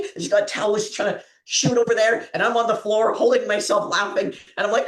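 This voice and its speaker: Her mid-range voice stays fairly even in intonation as she talks briskly with hardly any pauses. She's a trivia show host who chats casually and tells rambling stories, laughing frequently, recorded with roomy echo.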